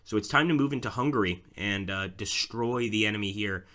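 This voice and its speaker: A man's voice: lowish voice, a little fast. Chatty man narrating a strategy game. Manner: chatty, thinks aloud, keeps addressing viewers as guys. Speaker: let's play host. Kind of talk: casual gameplay commentary. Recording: loud background noise.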